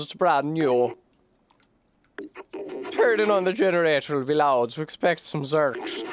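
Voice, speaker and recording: A man's voice: a little high, slight background noise, lightly acted. A man voicing an upbeat male robot inventor in a put-on Irish accent while reading game dialogue.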